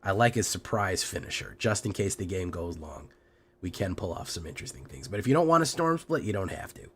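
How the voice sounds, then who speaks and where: A game streamer with a deep voice, hoarse from being sick, talks a little fast over slight background noise. He comments casually on his gameplay, relaxed and joking, mumbling asides under his breath.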